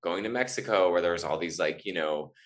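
A low-pitched man who speaks a little fast appears as an actor guest on a podcast. The talk is casual and rambling, and he hesitates often, full of fillers and restarts.

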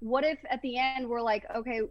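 A woman's voice: a little high, steady tone, a little fast, no echo, muffled recording. A woman in her thirties, a guest on a podcast, chatting casually and musing aloud with curious follow-up questions. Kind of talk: casual chat.

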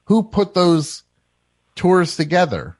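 Deadpan halting male radio host. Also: sits high, no echo. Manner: dry, deadpan, halting questions. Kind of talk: casual call-in radio chat.

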